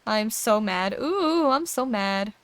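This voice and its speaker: A young woman casually commenting on a game she is livestreaming, excitable and joking, swearing freely. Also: mid-range voice, slow. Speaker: streamer.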